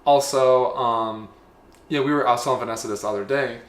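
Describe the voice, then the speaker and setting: A man's voice: mid-range voice, a little fast. A man co-hosting a travel podcast in a casual, rambling way, full of "like" fillers. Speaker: podcast co-host. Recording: echoey room, faint ambience.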